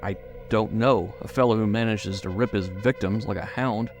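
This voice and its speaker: A man's voice: fairly low pitch, normal speed, faint music behind, lightly acted. A man voicing a tough, resentful backwoodsman who answers curtly and angrily. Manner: curt, angry.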